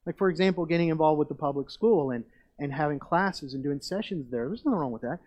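A man's voice: fairly high pitch, fast talker, a little mellow, dull audio. A middle-aged man, a pastor, preaching a sermon in a conversational way that rises to emphatic declarations.

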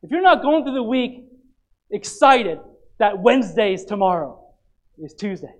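Exhorting pastor preaching a sermon. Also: male voice, high-pitched, measured pace, low-quality recording. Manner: exhorting, repetitive calls to get excited; dynamic, dropping to quiet asides.

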